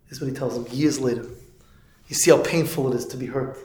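A man's voice: medium pitch, steady tone, fast talker, a little mellow. A man teaching his students, telling a story and then preaching a moral lesson, his speech full of Yiddish and Hebrew terms. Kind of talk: Torah lecture with storytelling. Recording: echoey room.

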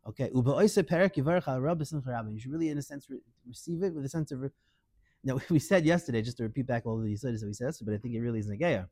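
A middle-aged man teaching a lively Torah class, acting out quoted voices and mixing Hebrew into English. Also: medium pitch, rapid-fire, no room sound.

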